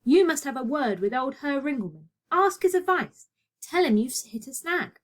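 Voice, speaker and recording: A woman's voice: sits high, expressive, moderate pace, voice pushed up. A woman voicing a cheerful, optimistic young male writer in a storybook read-aloud, sounding reassuring.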